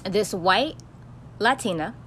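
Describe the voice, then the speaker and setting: A woman's voice: mid-range voice, lively intonation, slow, a bit bright, slight background noise. A young woman hosting a podcast, ranting bluntly and profanely in a casual monologue. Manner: profane, blunt, heated storytelling. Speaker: podcast host.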